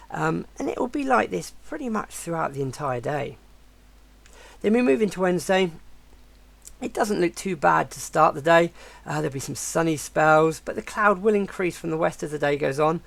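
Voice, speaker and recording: A man with a croaky voice while recovering from the flu, presenting a weather forecast with many hesitations and restarts. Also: high-pitched. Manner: hesitant, with frequent fillers and restarts.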